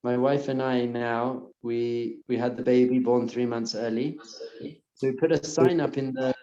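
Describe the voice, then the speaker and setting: Earnest man teaching a class, mellow and roomy. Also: medium pitch, steady tone, measured pace, highs cut off. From lives in Israel. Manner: earnest and encouraging, repeats phrases softly. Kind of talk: lecture to a live class. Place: lecture room with audience.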